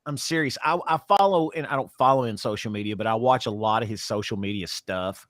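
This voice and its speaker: A man's voice: on the low side, fairly quick, fairly bright tone, dry recording, clean studio sound. A man co-hosting a casual podcast, talking emphatically with easy swearing and lots of dude. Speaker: podcast co-host. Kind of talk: casual chat.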